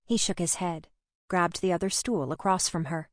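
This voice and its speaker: A woman's voice: lowish voice, normal speed, no room sound, clean studio sound. Woman narrating a mystery audiobook. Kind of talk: scripted narration.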